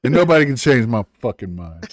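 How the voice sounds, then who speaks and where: A man co-hosting a podcast in casual chat, animated, swearing a lot and acting out movie lines between laughs. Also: mid-range voice, fairly quick, no room sound. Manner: heavy profanity. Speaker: podcast co-host.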